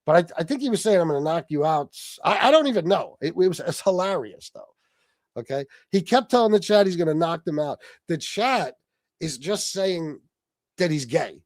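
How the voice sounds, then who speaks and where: A man's voice: high voice, animated, moderate pace, no room sound, studio quality. A man hosting a casual livestream, telling a story with lots of swearing and laughter and answering his chat. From Sicilian heritage. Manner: profane, laughing storyteller, reads chat aloud. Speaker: livestream host.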